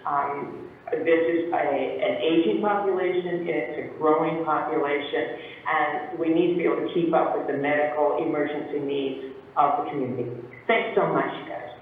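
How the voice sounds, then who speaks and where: A man with a high voice gives formal testimony, working through each agenda item in an earnest, orderly way. He sounds distant and thin, as if on a narrow phone-like line, in a very echoey hall. A faint hiss sits under him. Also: steady tone, normal speed. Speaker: public testifier at a county council. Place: council hearing room.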